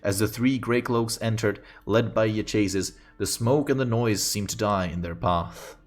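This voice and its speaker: Male streamer-storyteller, low and steady, light music underneath. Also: normal speed. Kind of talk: reading a fantasy story aloud on a stream.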